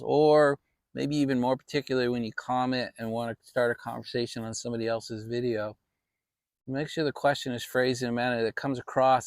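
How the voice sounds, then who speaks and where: A man's voice: mid-range voice, no echo, studio quality. A man hosting a casual fireside chat vlog, talking in a rambling, reflective way with many restarts. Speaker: channel host.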